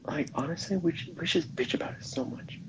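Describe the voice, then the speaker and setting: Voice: medium pitch, brisk. A student in their late teens chatting casually, blunt and opinionated, often stumbling and restarting words. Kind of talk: casual chat. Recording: noisy background.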